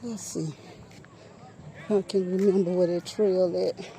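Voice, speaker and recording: A woman's voice: fairly low pitch, steady tone, a little slow, warm tone, slight background noise. A woman chatting casually to her viewers while walking a nature trail outdoors, out of breath and talking into a handheld phone. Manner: chatty, keeps addressing viewers as y'all. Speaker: vlogger.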